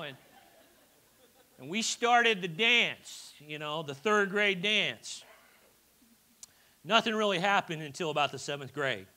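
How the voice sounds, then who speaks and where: A man's voice: a little high, bright, forceful tone. A middle-aged man preaching a sermon in a church, telling personal stories in a chatty way with frequent restarts and stammers. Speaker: pastor.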